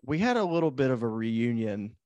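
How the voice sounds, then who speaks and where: A man hosts a podcast in a relaxed, teasing way and keeps his guest talking. His mid-range voice is recorded dry and close, with no room sound. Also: mid-range voice, fairly quick, dry recording, highs cut off. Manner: playful, teasing, sets up questions. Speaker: podcast host, pro golfer. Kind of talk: casual interview chat.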